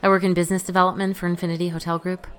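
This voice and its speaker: A woman's voice: lowish voice, flat delivery, very fast, lightly acted. An actress in a comedy audio drama playing a self-important, curt businesswoman.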